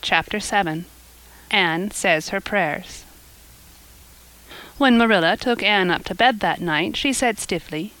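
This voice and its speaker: A woman reading a classic novel aloud as audiobook narrator, clear and measured. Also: medium pitch, a bit bright, rough recording. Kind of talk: scripted narration.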